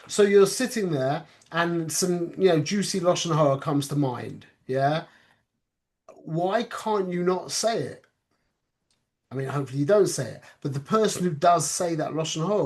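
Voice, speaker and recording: Man, fairly high voice, religious teacher, informal class talk, conversational, checks in with listeners, Hebrew and Yiddish terms. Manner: conversational, keeps checking with "yeah?".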